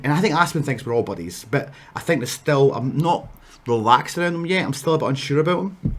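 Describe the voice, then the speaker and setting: Scottish man, casual storytelling rant, rambling asides, mid-pitched voice. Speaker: wrestler telling stories.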